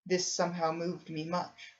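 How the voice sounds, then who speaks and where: Woman calmly reading a classic novel. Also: lowish voice, moderate pace, slight background noise. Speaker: audiobook reader. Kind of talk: scripted narration. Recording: dull lo-fi recording.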